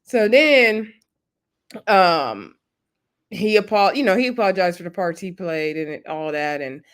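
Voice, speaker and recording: A woman's voice: fairly low pitch, lively intonation, measured pace, smooth. Chatty woman recapping a show. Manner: chatty storytelling, acts out quoted lines. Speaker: reality TV recap vlogger. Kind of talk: casual episode recap.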